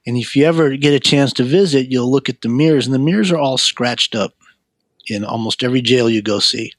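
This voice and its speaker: A man's voice: mid-range voice, brisk, dry recording. Earnest man telling his life story. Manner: earnest, frequent stammered repeats. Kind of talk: personal testimony storytelling.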